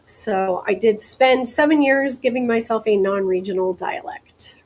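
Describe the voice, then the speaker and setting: A woman from the American Deep South, a guest hypnotist telling stories in a casual interview, chatty and quick to laugh. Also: rough recording. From Deep South, United States. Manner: chatty, laughs often, lively asides.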